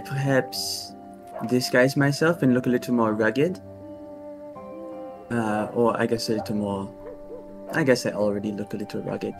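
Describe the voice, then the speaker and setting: Halting man playing a tabletop game. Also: mid-range voice. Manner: halting, many uhs. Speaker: player.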